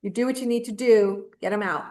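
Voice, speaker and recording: A woman's voice: on the high side, fast, mellow. A woman co-hosting a casual opinion chat, talking in a blunt, emphatic, indignant way. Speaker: podcast co-host.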